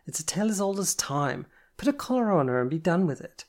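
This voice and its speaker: A narrator voicing a brash, foul-mouthed, bossy young woman who talks loudly and bluntly and teases. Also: mid-range voice, big pitch swings, fast, voice pushed up, natural voice. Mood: exasperated. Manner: loud, teasing, blunt.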